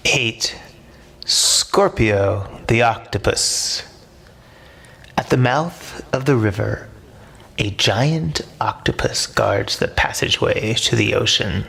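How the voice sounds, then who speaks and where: Slow gravelly male storybook narrator. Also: on the low side, fairly even intonation, fairly bright tone.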